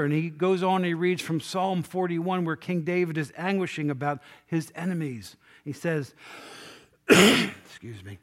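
A man preaching a sermon, retelling scripture in an animated storytelling way and acting out the quoted lines. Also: a little high, a little slow. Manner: self-deprecating humor.

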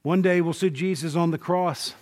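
A male preacher gives a relaxed Bible class sermon in a steady tone at normal speed. He chats with the class, asks them questions, performs quotes, and goes low and quiet for the important points.

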